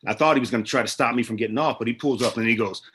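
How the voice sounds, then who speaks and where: Bright-voiced man telling animated stories. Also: mid-range voice, rapid-fire, a little hiss or hum. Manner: animated, acts out the people in his stories. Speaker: actor and producer, guest. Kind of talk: casual interview storytelling.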